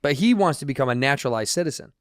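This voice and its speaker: A man's voice: mid-range voice, lively intonation, very fast, dry recording, clean studio sound. A man co-hosting a podcast, joking around and reading ad spots in a casual, playful way. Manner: jokey, puts on loud goofy voices. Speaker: podcast co-host. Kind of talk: casual podcast banter and ad reads.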